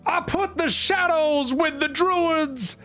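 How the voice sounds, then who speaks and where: A man doing an impression of an older male comedian with a slow, sing-song drawl. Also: very high voice, sharp tone, soft background music, pitched above the performer's own voice, heavily acted. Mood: mock-storytelling.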